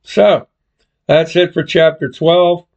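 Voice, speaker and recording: A man reading a chapter of his novel aloud as narrator, in plain, unhurried storytelling, on a dull lo-fi recording. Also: a little high, darkish tone. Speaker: audiobook narrator and author.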